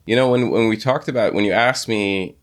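A low-pitched man hosts a relaxed interview. He talks haltingly, circling back and restarting his sentences often. He slips into quoted speech as he tells a story. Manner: hesitant, many restarts and repeated words. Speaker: podcast host. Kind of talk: conversational interview.

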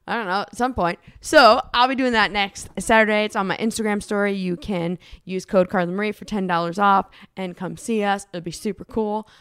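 A woman's voice: medium pitch, fairly even intonation, a little fast, hardly any pauses, fairly bright tone, clear, resonant tone, dry recording. A woman in her thirties co-hosting a podcast, chatting casually, teasing and laughing often, speaking into a handheld mic as she paces an apartment. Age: 30s. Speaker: radio morning show co-host. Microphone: handheld mic while pacing a room.

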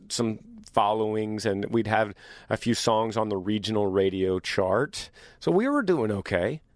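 Upbeat man with a low voice. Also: dry recording, clean studio sound. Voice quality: deeper voice from years of singing. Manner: upbeat, chatty, teasing his younger self. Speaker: podcast host. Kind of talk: casual solo chat.

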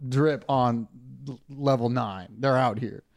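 A man's voice: slow, creaky. A man co-hosting a podcast in crude, joking casual chat. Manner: crude, joking, slips into loud high put-on voices. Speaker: podcast co-host.

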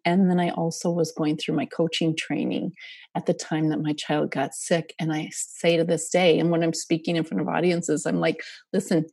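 A woman's voice: sits low, little pitch movement, brisk, darkish tone, breathy edge, no echo. A middle-aged woman, a parent coach, answering interview questions earnestly and sometimes sinking to a near whisper. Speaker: parent coach for eating disorder families. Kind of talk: podcast interview.

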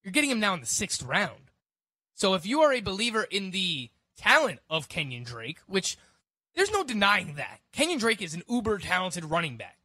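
Bright high-voiced sports radio analyst. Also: male voice, big pitch swings, no echo. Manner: quick, chatty analysis with restarts and laughs. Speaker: fantasy sports radio co-host.

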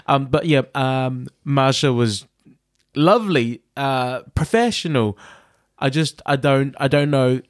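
A man co-hosting a podcast in a casual chat, animated and quick to laugh, often jumping into high mock voices. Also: dry recording, clean studio sound. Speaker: podcast co-host. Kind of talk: casual chat reviewing a show.

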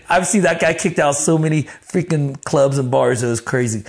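A man telling stories as an interview guest, animated and profane, acting out the voices of the people he quotes. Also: fairly high pitch, moderate pace, few pauses. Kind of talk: casual storytelling in an interview.

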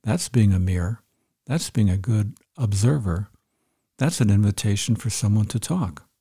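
Middle-aged male coach, mellow and gravelly, earnest and explanatory. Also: lowish voice, lively intonation, moderate pace. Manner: earnest, explanatory, repeats key points. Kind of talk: instructional talk.

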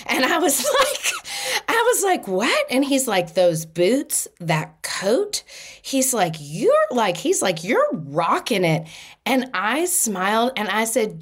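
A woman host telling a personal story in a casual, animated monologue, laughing now and then. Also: on the low side.

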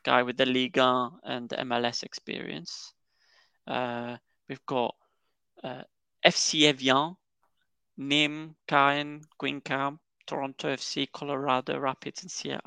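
A man's voice: medium pitch, flat delivery, unhurried, creaky, bright, forceful tone, clean tone, no echo. A man co-hosting a casual football podcast over a remote call, telling stories in a chatty way and chuckling mid-sentence. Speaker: podcast co-host.

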